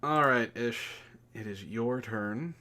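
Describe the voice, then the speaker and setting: Give me a man with a medium-pitched voice, cracking jokes as a casual show host. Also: takes it slowly, bright, forceful tone. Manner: joking, laughs often. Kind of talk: casual comedic chat.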